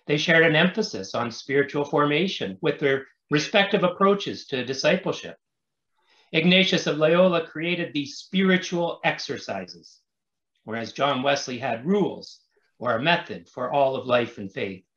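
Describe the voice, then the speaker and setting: A pastor presenting an academic paper, reading his prepared text in a measured, scholarly way. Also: a little high, animated, a bit bright, reverberant, muffled recording. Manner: measured, scholarly delivery with occasional restarts.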